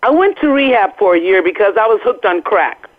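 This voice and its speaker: A woman's voice: medium pitch, lively intonation, fairly quick. An older woman, a guest singer, chatting candidly on a phone call from outdoors and laughing often. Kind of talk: casual chat by phone. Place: outdoors, planes overhead. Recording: tinny phone line.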